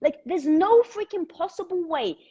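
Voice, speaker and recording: A woman, chatty and casual, giving motivational talk on a live stream through a headset, swearing lightly as she thinks out loud. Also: extremely high pitch, animated, normal speed, lo-fi sound.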